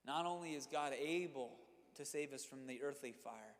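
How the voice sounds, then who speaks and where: A man's voice: mid-range voice, normal speed, gravelly, few pauses, long reverb tail. A man preaching a sermon to students, emphatic and direct, repeating phrases for effect and speaking straight to his listeners. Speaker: youth pastor.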